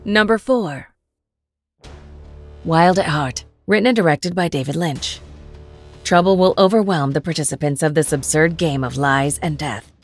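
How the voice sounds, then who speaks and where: A woman reading a scripted narration for a ranked list of films, with an even, measured delivery. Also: sits low. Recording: soft music behind.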